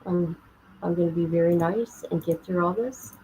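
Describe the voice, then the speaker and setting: A woman's voice: fairly low pitch, normal speed, warm tone, slight background noise, low-quality recording. A woman hosting her own livestream, chatting casually and greeting viewers by name while she fumbles with her setup. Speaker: livestream host.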